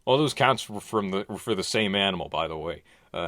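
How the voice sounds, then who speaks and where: A man telling an absurd crude story in a deadpan, rambling comic style. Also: sits low, a little fast, dry recording, clean studio sound. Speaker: comedian.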